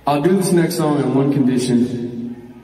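A man's voice: mid-range voice, measured pace, distant mic. A man with the hiccups joking loosely with his concert audience from the stage, laughing between sentences, heard through live concert audio. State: has the hiccups. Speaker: rapper addressing a concert crowd. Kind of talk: casual stage banter. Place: large concert venue, on stage. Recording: echoey live concert audio, loud crowd.

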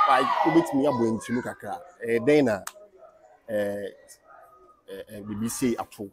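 A man's voice: lowish voice, moderate pace. A man hosting an interview show, asking questions and plugging the channel in a hesitant way, with many filler sounds. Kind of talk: casual interview and show plug. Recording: loud background noise.

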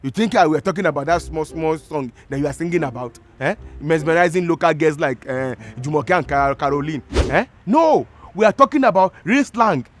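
An actor playing an excitable restaurant owner who pleads with his customers in a sitcom. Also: a little high, fairly quick, few pauses, lightly acted. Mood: scolding. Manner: pleading, excitable, Nigerian English with "eh?". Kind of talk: sitcom acting.

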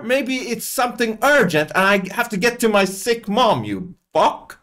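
Slow, lively-pitched profane male reactor. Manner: profane, mocking, laughs often. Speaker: reaction video host. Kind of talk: casual reaction commentary.

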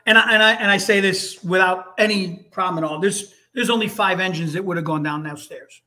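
Brief: fifties New man, high voice, loose anecdotal podcast guest. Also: fairly quick, pushed and bright. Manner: rambling, repeats words, frequent "you know". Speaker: podcast guest, retired fire lieutenant. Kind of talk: casual storytelling chat.

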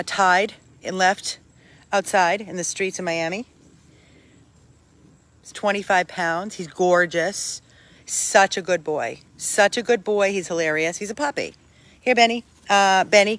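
An older dog rescuer chatting at home while playing with a puppy, breaking into high coaxing calls to the dog. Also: a bit bright, dry recording. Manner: talks to the dog in high coaxing calls between plain remarks. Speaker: dog rescuer showing a dog for adoption. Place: home with a dog, in hot weather.

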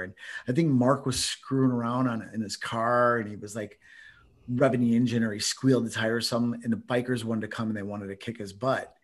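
A middle-aged man with a husky, slightly breathy voice. He talks in a casual, rambling way and tells his stories with plenty of animation. His pitch sits at an ordinary level for a man. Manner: rambling storyteller, animated, laughs often. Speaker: martial arts instructor on a discussion panel. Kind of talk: casual chat.

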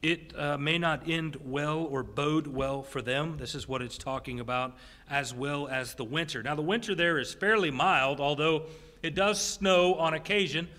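A man pastor preaching a sermon in a church, animated and jokey, with quick asides to the congregation. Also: on the high side. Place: church sanctuary. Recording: long church hall reverb.

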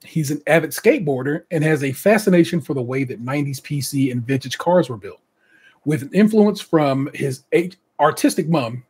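Husky-voiced man hosting a podcast. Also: on the high side, a little mellow. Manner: reads contestant bios with chatty asides and laughs. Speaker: podcast host. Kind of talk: casual podcast chat.

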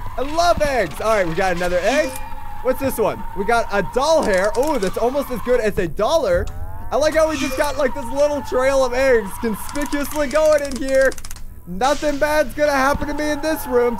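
High-voiced sarcastic young gaming host. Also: male voice, normal speed, background noise. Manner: sarcastic, jittery play-by-play. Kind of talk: let's play commentary.

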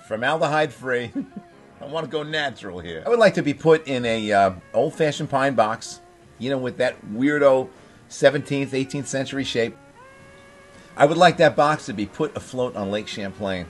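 A man co-hosting a casual comedic podcast chat, laughing often and telling stories with animated energy. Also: mid-range voice. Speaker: podcast co-host.

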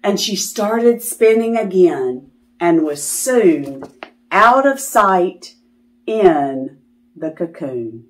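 A woman reading a picture book aloud to children, animated and delighted, stopping to ask them questions. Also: lowish voice, very slow. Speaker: children's storyteller.

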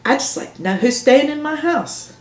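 A woman's voice: mid-range voice, lively intonation, normal speed, natural voice. A woman voicing a stern, fussy older mother who scolds and takes offence easily, read from a novel. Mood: indignant. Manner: stern, indignant. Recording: roomy echo.

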